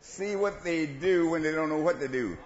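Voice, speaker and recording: Preaching man in an echoey church. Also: moderate pace. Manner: swings from shouting to low asides, laughs between lines. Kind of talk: sermon. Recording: echoey church room, dull lo-fi sound.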